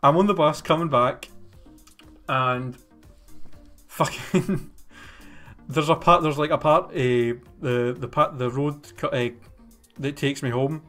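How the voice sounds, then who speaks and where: A man's voice: fairly high pitch, takes it slowly, long pauses, fairly bright tone, faint music behind. Exasperated swearing Scottish guy ranting. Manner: swears constantly, exasperated, rambling. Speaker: streamer. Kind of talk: ranting anecdote during a game stream.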